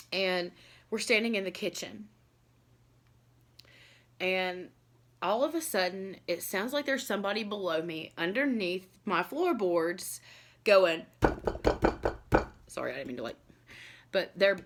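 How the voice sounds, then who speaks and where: A woman's voice: medium pitch, lively intonation, a little slow, long pauses. Rambling, confessional woman vlogger. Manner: rambling, filled with "like" and "you know"; earnest and confessional. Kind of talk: candid personal storytelling to camera.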